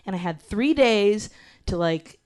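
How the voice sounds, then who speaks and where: At a live show, a guest shares a comedic story from her own life with a mid-range voice and measured pace, cursing freely, full of energy, and laughing as she talks.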